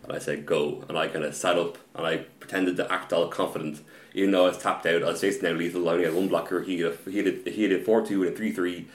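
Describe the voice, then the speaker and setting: A man telling a story about a card game match in casual podcast chat, halting and repeating words, getting animated as the story builds. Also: sits low, roomy sound.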